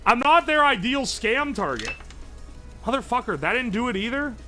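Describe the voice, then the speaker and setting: High, bright-voiced young streamer. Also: male voice, moderate pace, faint music behind. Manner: excitable, swears a lot, thinks aloud. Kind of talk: casual live-stream chat while tinkering.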